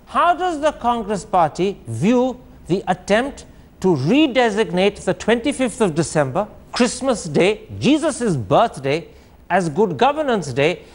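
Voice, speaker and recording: A man's voice: high-pitched, very animated, a little slow. A man hosting a TV debate, pressing guests with pointed questions. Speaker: TV debate host. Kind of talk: combative TV debate.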